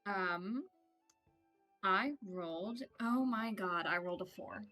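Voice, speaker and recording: A woman's voice: medium pitch, slow, sharp tone, faint music behind. A woman playing a tabletop game who reacts with dismay to her rolls. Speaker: player.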